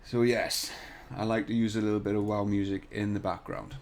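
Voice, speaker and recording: A man's voice: on the low side, steady tone, a little fast, darkish tone. A man hosting a live design tutorial stream from a hotel room, chatting casually and jokily with viewers and swearing now and then, into a desk microphone with no pop filter. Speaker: CAD tutorial livestream host. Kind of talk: casual livestream chat. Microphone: desk mic without shock mount or pop filter.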